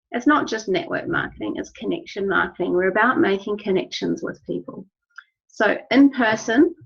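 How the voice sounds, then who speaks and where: In this dull, lo-fi recording, a woman who trains people in the wellness business gives her team an instructional talk. Her mid-range voice is gravelly with a breathy edge, and her manner is earnest and encouraging as she repeats key phrases.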